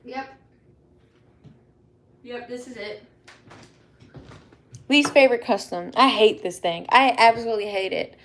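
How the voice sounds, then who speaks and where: A woman hosting a casual live Q&A, rambling and chatty and quick to laugh. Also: a little high, a little hiss or hum. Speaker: livestream host.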